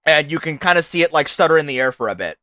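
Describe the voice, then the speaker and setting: A young man as game master of a streamed tabletop game, casual and excitable, swearing freely as he describes the action. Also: a little high, racing, no echo.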